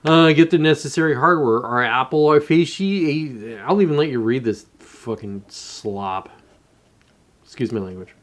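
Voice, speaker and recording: Guy ranting on his own show, cussing a lot, sarcastic and fed up, normal mid pitch. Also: moderate pace, fairly bright tone. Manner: profane, sarcastic, annoyed. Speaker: host. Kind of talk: casual ranting monologue.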